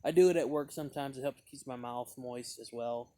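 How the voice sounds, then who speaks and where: A man's voice: mid-range voice, a little fast, warm tone. A man reviewing pipe tobacco in a casual, meandering way, with lots of fillers and restarts as he tells a story.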